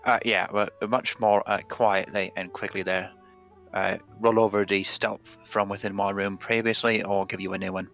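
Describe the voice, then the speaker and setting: Low-voiced man, dull lo-fi mic. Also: little pitch movement, normal speed, creaky, a bit bright, faint music behind. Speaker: player. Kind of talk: casual tabletop game play.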